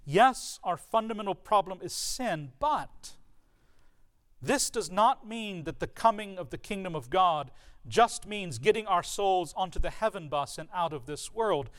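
High-voiced man preaching an earnest sermon. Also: lively intonation, a little slow. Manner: earnest, emphatic preaching with rhetorical questions. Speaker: pastor.

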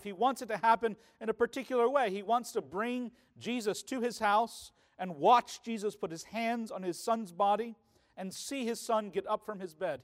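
A man preaching a sermon as pastor, in a conversational way that keeps checking in with the congregation. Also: high-pitched. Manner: conversational preaching, often asking "right?".

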